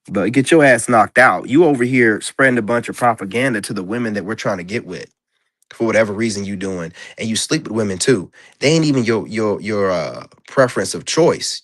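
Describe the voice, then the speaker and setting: A man ranting in a casual vlog monologue, blunt and profane, rambling with lots of fillers. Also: mid-range voice. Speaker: vlogger. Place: indoors.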